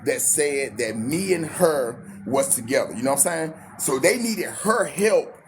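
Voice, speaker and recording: A man telling a personal story in a casual, animated way, acting out the quoted lines. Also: fairly high pitch, measured pace, slight background noise. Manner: animated, acts out every quote in his story.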